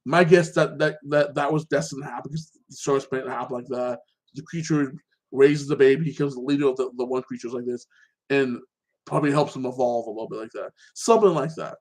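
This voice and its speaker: Rambling excitable man chatting casually. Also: mid-range voice, quick pace. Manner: rambling, keeps tagging "like that"; animated, excitable. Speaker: show host. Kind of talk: casual solo chat about TV shows and fights.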